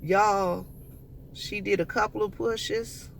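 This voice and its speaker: A man telling a story to his viewers in a casual vlog, chatty and animated, talking to them directly. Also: high voice, slow pace, gravelly, slight background noise. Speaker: vlogger.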